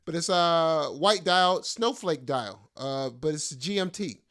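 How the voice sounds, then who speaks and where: A man's voice: on the high side, measured pace, fairly bright tone. A middle-aged man, hosting his own podcast as a stand-up comic, rambling casually and joking at his own expense in loose slangy talk. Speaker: podcast host and stand-up comedian.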